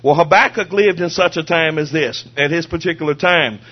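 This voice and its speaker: A man delivers a fervent sermon in a fairly high voice, circling back on his points and quoting scripture. The recording sounds a little dull and lo-fi. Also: brisk. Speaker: preacher.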